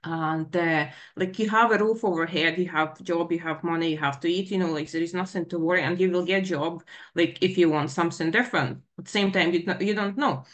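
A woman in her forties speaking on a video call, telling a personal story in an earnest, emotionally raw way, halting and full of "you know, like" fillers. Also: fairly low pitch. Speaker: participant asking in a live Q&A.

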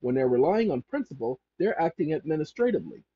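Rambling commentator reading stuff out and picking it apart, pitch jumps all over, dull lo-fi audio. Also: big pitch swings, fast, slightly rough. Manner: emphatic and repetitive, corrects self mid-sentence. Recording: dull lo-fi recording.

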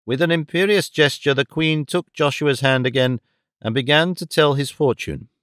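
Male audiobook narrator, even delivery, dry studio. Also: fairly high pitch, moderate pace, clean tone, no room sound. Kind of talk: scripted narration.

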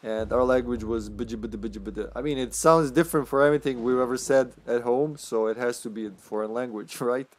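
A native Serbian speaker with a Serbian accent livestreams a game, giving casual commentary and laughing often. His mid-range voice is brisk and fairly even in intonation, with hardly any pauses.

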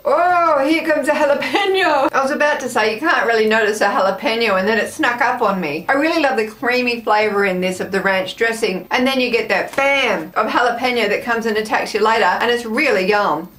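An enthusiastic woman chats her way through a snack taste test. Her voice sits a little high and gushes with delight. She is recorded from a distance in a roomy space with faint music underneath. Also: brisk, hardly any pauses. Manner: chatty and enthusiastic, gushing over snacks. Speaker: food taste-test vlogger. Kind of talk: casual taste-test vlog. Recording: roomy echo from the mic at a distance, soft music.

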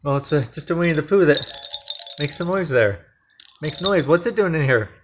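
A man's voice: fairly high pitch, animated, moderate pace, over music. A man casually reading a short scary bedtime story at home, joking and laughing along the way. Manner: playful, jokey, laughs often. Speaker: storyteller host.

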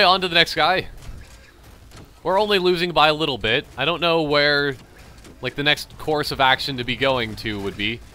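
This young adult gamer commentator has a light Canadian accent and a fairly high, bright, forceful voice. He thinks aloud in a rambling, chatty way about his own play, with a faint hiss or hum on the recording.

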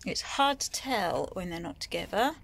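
A woman's voice: on the low side, big pitch swings, normal speed, vocal fry. A woman filming herself outdoors on a phone, chatting fondly and coaxingly to a cat. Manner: coaxing, fond pet talk. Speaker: vlogger feeding a feral cat. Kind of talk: casual chat to a pet.

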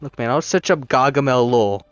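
A man's voice: medium pitch, a little fast, smooth, no echo. A young man in a casual late-night chat with a friend, teasing, swearing freely and laughing often.

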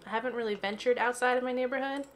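Chatty, giggly woman with a higher voice. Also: fairly even intonation, very fast, a little hiss or hum. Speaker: let's play gamer. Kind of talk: casual gameplay commentary. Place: home office.

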